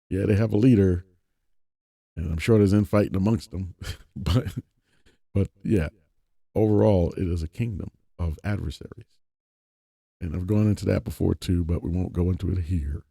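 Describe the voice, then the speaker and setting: A man's voice: deep voice, gravelly, warm tone, breathy edge, dry recording, clean studio sound. A man casually reading scripture and commenting on it, digressive and chuckling between points. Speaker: religious commentator.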